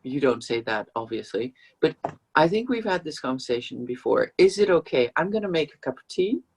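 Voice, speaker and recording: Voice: mid-range voice, sing-song, brisk, a little mellow, husky. A trainer giving a conversational video lesson on handling conflict, now and then acting out short example remarks in different tones. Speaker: trainer teaching transactional analysis.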